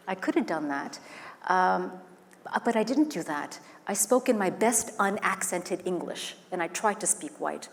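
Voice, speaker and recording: A woman's voice: mid-range voice, animated, measured pace, vocal fry. A woman facilitating a workshop, speaking earnestly and guiding the room with questions. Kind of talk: live workshop talk. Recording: echoey hall with faint noise.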